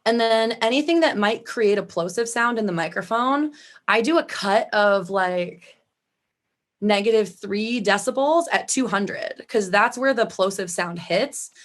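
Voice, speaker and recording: A woman's voice: mid-range voice, animated, unhurried. A woman from the Chicago area with a Midwestern accent, chatting as a guest about singing, full of "like" fillers. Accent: Midwestern American. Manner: chatty, frequent "like" fillers, laughs easily. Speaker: vocalist guest. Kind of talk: casual interview chat.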